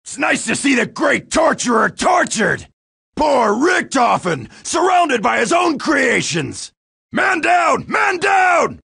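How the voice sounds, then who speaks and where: An actor voicing a brash, loudmouthed American marine in a video game, shouting crude taunts with a gravelly, raspy voice and an American accent. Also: male voice, very high voice, big pitch swings, slow pace, exaggerated voice. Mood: brash taunting.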